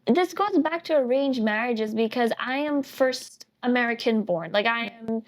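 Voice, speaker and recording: A woman with a high, light voice shares a painful family story as a podcast guest. She speaks earnestly and often stops to restart or correct herself mid-sentence. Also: animated, moderate pace. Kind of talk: personal storytelling in a podcast interview.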